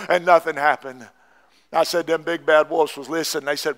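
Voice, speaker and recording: A man pastor, preaching a fervent sermon that rises into shouts. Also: a little high, steady tone, normal speed, a little hiss or hum. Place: church sanctuary.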